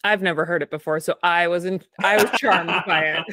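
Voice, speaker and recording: A woman's voice: on the low side, fairly even intonation, brisk, pushed and bright, no echo, clean studio sound. A woman co-hosting a podcast, recapping an episode with enthusiasm and frequent laughter. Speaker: podcast co-host. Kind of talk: casual recap chat.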